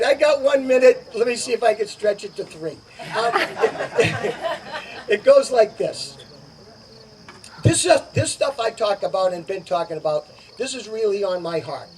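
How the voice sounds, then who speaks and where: High-voiced man giving an emphatic stump speech. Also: a little mellow, a little hiss or hum. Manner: emphatic, repetitive, punchy promises. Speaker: political candidate. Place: outdoor summer garden party. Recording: distant outdoor recording, crickets.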